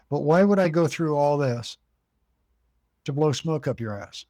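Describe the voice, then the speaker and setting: A slightly high, dark-toned voice at a moderate pace belongs to the American owner of a haunted cabin. Appearing as an interview guest in a dry recording, he spins a long story and imitates others as he quotes them.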